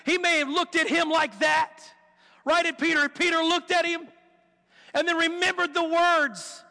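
High bright-voiced preacher in a reverberant hall. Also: male voice, moderate pace, vocal fry. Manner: animated storytelling, acts out quotes, rhetorical questions. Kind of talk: sermon.

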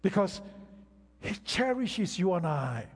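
An older man preaching a sermon, slow and emphatic, with long pauses between phrases. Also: high-pitched, sing-song, husky. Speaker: pastor. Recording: long reverb of a large hall.

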